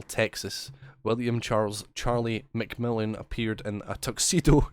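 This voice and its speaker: A man's voice: mid-range voice, no room sound, clean studio sound. Sweary Scottish man, casual podcast chat. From Scotland. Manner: sweary, jokey, reads news stories aloud. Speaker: podcast co-host.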